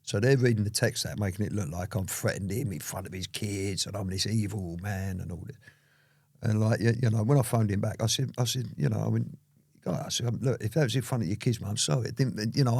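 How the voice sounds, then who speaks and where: A man's voice: lowish voice, a little fast, creaky, a little mellow, slightly rough, dry recording, studio quality. A man, an interview guest telling his story in a rambling, casual way full of "you know".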